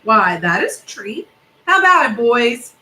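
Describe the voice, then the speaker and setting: A polite, greedy storybook crocodile, as a woman reading aloud puts him on, drawing out his words slowly with relish. He has a raised, bright voice. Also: on the high side, very animated, echoey room, slight background noise, full character voice, low-quality recording. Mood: pleased.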